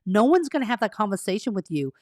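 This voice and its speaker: A woman's voice: medium pitch, big pitch swings, fast, no room sound, studio quality. A woman career coach hosting a casual live stream, chatting with viewers, reading their comments aloud and laughing at herself. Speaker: career coach and livestream host. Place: carpeted home room treated to cut echo.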